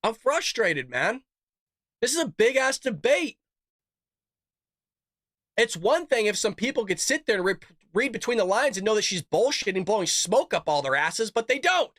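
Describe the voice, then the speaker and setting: A man hosting a live political reaction show, ranting heatedly and swearing as he shouts his frustration. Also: high-pitched, big pitch swings, normal speed, no room sound, clean studio sound. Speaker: political commentary host.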